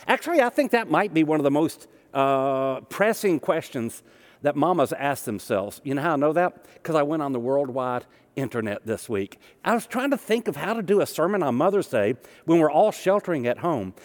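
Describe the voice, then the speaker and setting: Male minister, fairly high voice, relaxed storytelling sermon, reverberant hall. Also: moderate pace. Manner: storytelling, conversational with humor.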